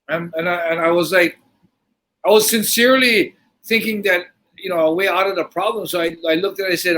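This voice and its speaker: High-voiced man telling a rough story. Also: fairly quick, poor audio. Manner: animated, swears freely, repeats and restarts. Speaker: podcast host. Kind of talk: casual storytelling.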